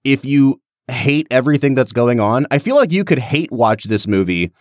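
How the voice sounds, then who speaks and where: A man's voice: mid-range voice, moderate pace, dry recording. Chatty man discussing a movie, dry sound. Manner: animated, talks in long run-on thoughts. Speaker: podcast co-host. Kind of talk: casual film discussion.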